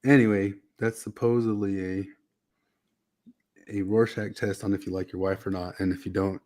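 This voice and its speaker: A man co-hosting a casual chat, laughing and steering topics with quick questions. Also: sits low, level tone, a little mellow. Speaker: podcast co-host.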